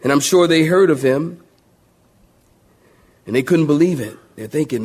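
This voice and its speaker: Animated, husky-voiced man preaching. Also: fairly high pitch, moderate pace, pauses often. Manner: animated storytelling, acts out voices. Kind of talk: sermon.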